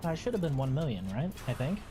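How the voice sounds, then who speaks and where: A man's voice: on the high side, sing-song, quick pace. A young man streaming a game, rambling casually and swearing now and then. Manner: rambling, swears, loud squeals. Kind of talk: casual gaming commentary.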